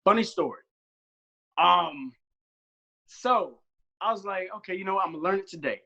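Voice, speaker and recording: A young man in his twenties, a podcast guest, telling animated stories and acting out his own quotes in casual chat. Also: sits high, moderate pace, vocal fry. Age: 20s.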